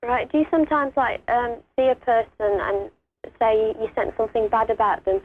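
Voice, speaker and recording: A woman's voice: a little high, normal speed. A tired English woman calling in to a radio show, asking hesitant questions. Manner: hesitant, curious. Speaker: caller. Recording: tinny phone line.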